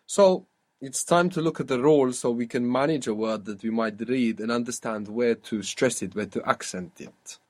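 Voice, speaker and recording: A man's voice: mid-range voice, moderate pace, darkish tone. A man teaching an Arabic lesson, patiently quizzing a student and modelling how words are pronounced. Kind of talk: spoken language lesson.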